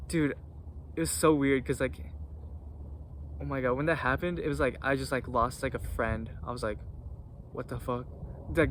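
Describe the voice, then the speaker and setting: A young man in a casual vlog, telling a story in a loose, slangy way. He restarts his sentences and fills every gap, and his pitch sits in the middle for a man. A faint hiss runs under the voice. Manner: rambling, slangy, many restarts and fillers. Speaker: vlogger.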